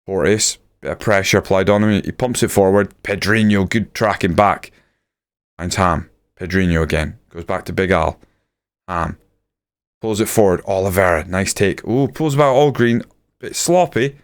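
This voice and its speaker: Man, low smooth voice, excitable play-by-play over a management game, desk mic. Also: moderate pace. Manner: excitable play-by-play, muttering asides. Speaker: gaming YouTuber. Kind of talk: video game commentary.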